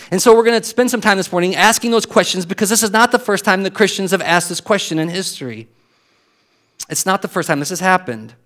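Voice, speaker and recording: A middle-aged American pastor preaches with an American accent, his voice sitting a bit high for a man. He tells stories with animation and doubles up words as he builds toward each point. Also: a bit bright. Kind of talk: sermon.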